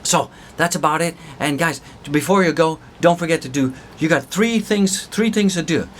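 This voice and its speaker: A man hosting a crypto video channel, signing off with excited, pumped-up, repetitive hype. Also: fairly high pitch, normal speed, slight background noise. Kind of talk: hyped video outro.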